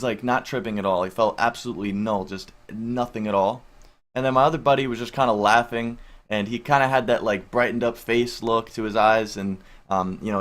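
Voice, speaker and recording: A young man in his twenties tells a long personal story in a loose, rambling way. He leans hard on filler words and swears offhandedly as he talks, and his voice sits at an ordinary middle pitch. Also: fairly bright tone. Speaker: vlogger. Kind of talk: casual storytelling.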